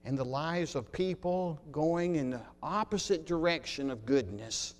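Male preacher, somewhat high voice, storytelling sermon that slows and goes quiet for emphasis. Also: expressive. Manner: storytelling, slowing on key words, drops to a quiet voice. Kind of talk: sermon with illustrations.

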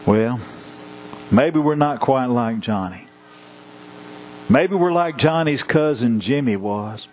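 A man's voice: medium pitch, lively intonation, darkish tone, a little hiss or hum, low-quality recording. A man preaching a sermon with rhythmic repetition and illustrative stories. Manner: measured, rhythmic repetition; storytelling.

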